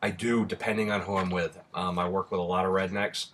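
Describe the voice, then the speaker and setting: Low-voiced rambling man, slight Southern drawl. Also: little pitch movement, fast talker, hardly any pauses, fairly bright tone, a little hiss or hum. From Rhode Island. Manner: rambling and blunt, with many ums. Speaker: vlogger. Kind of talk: casual chat answering questions.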